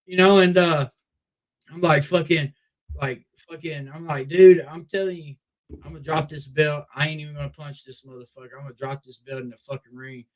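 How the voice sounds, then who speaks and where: A young man, a wrestler, telling a long story in a casual, profane, animated way with many restarts. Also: on the high side, low-quality recording. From Memphis Mid-South area. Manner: profane, animated, repeats "I was like". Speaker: wrestler guest.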